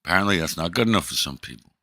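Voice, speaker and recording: A man's voice: sits low, expressive, racing, bright, forceful tone, no echo, studio quality. A middle-aged man streaming, telling a rambling, profane story in a wry, casual way.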